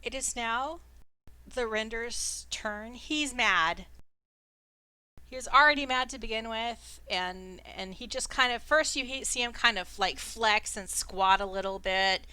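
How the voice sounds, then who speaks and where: A woman's voice: on the high side, a little slow, pushed and bright, clean tone. A woman narrating as dungeon master in a casual way, with playful sound effects and fillers, over an online voice call. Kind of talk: narrating a tabletop game.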